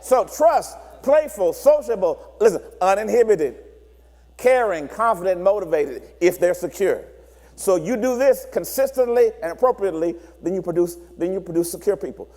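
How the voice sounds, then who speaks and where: A man's voice: sits high, normal speed, in a large hall. A man preaching a sermon, acting out children and couples as he explains. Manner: animated preacher acting out voices of children and partners. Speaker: pastor.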